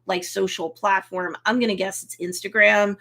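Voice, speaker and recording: A woman hosting a casual live review of a TV episode, recapping scenes in a lively way, acting out the characters' reactions, and slipping into motherly advice. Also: medium pitch, normal speed. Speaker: host and TV reviewer.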